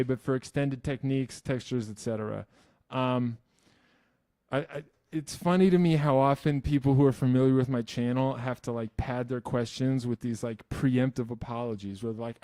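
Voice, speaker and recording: A young man from New Jersey answering fan questions in a loose, profane, self-mocking ramble full of restarts. His voice sits at an ordinary middle pitch. The sound is dry and close, with no room echo. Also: moderate pace, mellow. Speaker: musician YouTube host. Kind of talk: casual Q&A chat.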